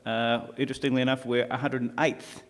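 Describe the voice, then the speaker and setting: A man's voice: mid-range voice, little pitch movement, a little fast. Australian male conference presenter, dry humour, hesitant fillers, hall reverb. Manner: dry self-deprecating humour, many "uh" fillers. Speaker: conference speaker.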